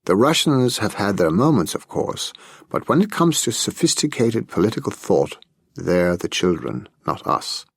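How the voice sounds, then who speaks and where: Guy doing a know-it-all party economist, talks up a storm, bouncy pitch. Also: sing-song, moderate pace, gravelly, slightly rough, dry recording, heavily acted. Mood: lecturing. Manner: talkative, confident, lecturing. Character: chatty, self-assured male party economist.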